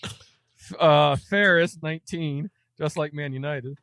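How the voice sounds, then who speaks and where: A man's voice: a little high, slow pace, fairly bright tone, no room sound. A man co-hosting a podcast in casual chat, teasing his friends and stumbling over his words. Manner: playful teasing, stammers and restarts. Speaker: podcast co-host.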